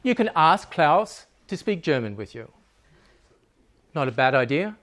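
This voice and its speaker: Animated, slow-talking man giving a humorous talk. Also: a little high. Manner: joking, conversational, laughs at his own lines. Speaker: speaker at a live talk. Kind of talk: humorous public talk to an audience.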